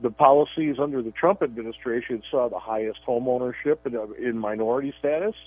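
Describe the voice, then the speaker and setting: A medium-pitched man speaks briskly as co-host of a political radio show, talking emphatically and often repeating words as he begins his sentences. He is a radio co-host and columnist, heard over a tinny, dry phone line.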